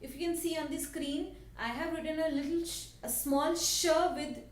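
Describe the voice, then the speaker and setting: A woman with an Indian English accent, teaching a language lesson slowly and patiently and repeating each word for her learners. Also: high voice. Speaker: French teacher. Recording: echoey room, voice a bit distant, faint background hiss.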